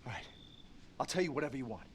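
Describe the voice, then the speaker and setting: A man's voice: medium pitch, big pitch swings, racing, a crowd in the background, lightly acted. A man playing a frantic stranger on the run. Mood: frantic pleading. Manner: frantic, pleading. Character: panicked male stranger fleeing killers. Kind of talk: video game voice acting. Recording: game audio with background noise.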